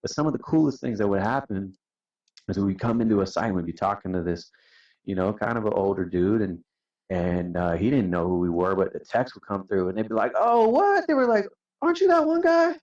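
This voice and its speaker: Laid-back male podcast guest with a very low voice, sounding a bit distant and muffled. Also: a little fast, a little mellow. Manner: laid-back, says "man" and "dude" a lot. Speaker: podcast guest, company founder. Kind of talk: casual storytelling. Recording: distant, dull-sounding mic.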